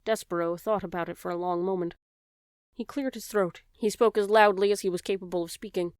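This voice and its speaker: A woman's voice: medium pitch, fairly even intonation, fairly quick, a little mellow, smooth, dry recording. A woman narrating a children's audiobook, telling the story and speaking directly to the reader.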